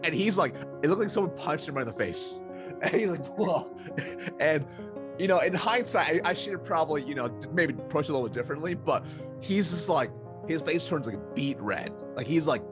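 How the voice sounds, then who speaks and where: A man, a sales coach, who is a guest in an interview and tells a story in an animated way, acting out the dialogue and often restarting his sentences. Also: fairly high pitch, fairly quick, music in the background. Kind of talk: anecdotal storytelling.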